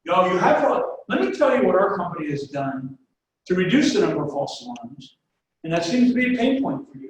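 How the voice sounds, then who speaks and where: Sales trainer, male, higher-pitched voice, folksy storyteller, recorded from a distance in an echoey room. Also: sing-song, normal speed. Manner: folksy, anecdote-driven, talks straight to the audience. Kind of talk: webinar sales presentation. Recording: echoey room, distant mic, faint noise.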